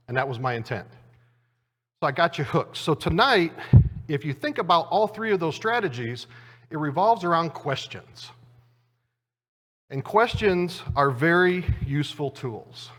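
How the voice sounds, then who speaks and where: A man preaching in a church, telling a self-deprecating story in a relaxed, conversational way. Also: a little high. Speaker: preacher and Bible teacher. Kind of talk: conversational sermon with a humorous anecdote. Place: church auditorium. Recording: long church reverb.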